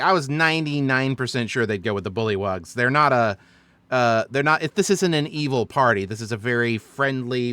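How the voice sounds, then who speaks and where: Man, dungeon master, casual recap, bright tone, dry close sound. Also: mid-range voice, no room sound. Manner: chatty, explaining with fillers and self-corrections.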